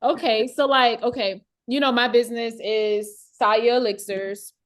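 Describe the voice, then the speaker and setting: A woman's voice: fairly high pitch, fairly even intonation, unhurried, a crowd in the background. A woman hosting a casual conversation, affirming her guest, laughing easily and often restarting her sentences. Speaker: host and business owner.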